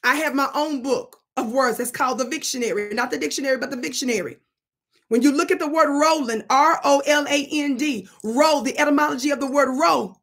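Woman channel host, high voice, animated and preachy storytelling. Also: a little fast. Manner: animated and preachy, plays with words. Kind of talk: storytelling commentary monologue.

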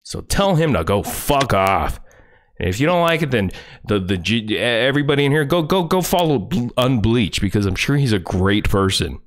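A man's voice: mid-range voice, very animated, normal speed. A man livestreaming, ranting furiously and confrontationally, full of profanity. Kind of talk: angry livestream rant.

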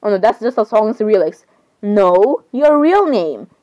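A woman's voice: mid-range voice, very animated, measured pace, warm tone, highs cut off. A young woman chatting casually for a vlog, rambling and giggling while she interrupts herself. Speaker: vlogger. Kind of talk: casual chat over screen browsing.

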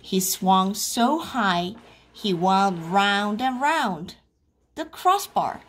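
Animated woman reading a picture book aloud. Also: medium pitch, very slow, slight background noise. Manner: animated, playful sound effects. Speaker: storyteller. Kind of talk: children's read-aloud.

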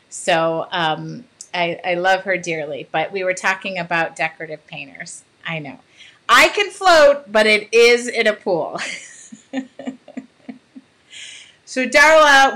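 A woman talks slowly and loosely during a casual art livestream. Her voice is bright and forward. She chats with viewers and laughs often. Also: mid-range voice. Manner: chatty, laughs often, answers viewer comments. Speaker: art channel host. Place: home art studio.

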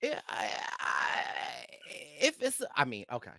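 A man's voice: mid-range voice, wildly swooping pitch, takes it slowly, gravelly, pushed and bright, dry recording. A man hosting a podcast, chatting casually about a reality show, playful and slangy as he acts out his own reactions. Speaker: podcast host. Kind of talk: casual reality-TV recap chat.

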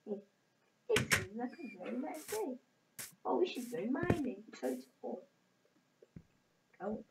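Her voice high and very animated yet slow-paced, a gaming channel host rambles and jokes with viewers as she plays in casual let's-play commentary. The room is echoey, with clear background noise.

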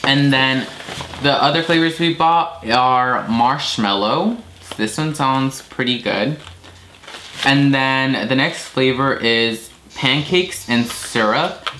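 On his own vlog, a young man chats casually, unfiltered, with the occasional swear word. His mid-range voice moves slowly, with a bright, forceful tone. It sounds like a noisy home video.

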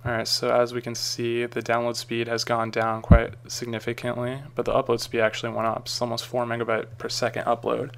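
A man talking through a screen-recorded software tutorial in a casual, rambling way with frequent ums and uhs. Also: mid-range voice, completely flat delivery, brisk, creaky, hardly any pauses, a little hiss or hum. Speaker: tutorial maker.

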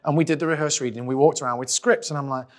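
Man in his 40s, chatty co-host, slightly high voice, laughs through his anecdotes and swears freely. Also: steady tone, very fast. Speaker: podcast co-host. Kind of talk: casual chat between old friends.

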